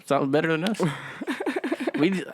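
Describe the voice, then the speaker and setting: Brief: lively young New York guy, podcast co-host, slangy banter, giggles constantly, pitch jumps around. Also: slow, husky. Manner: laughs often, loose slangy banter. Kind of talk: casual chat.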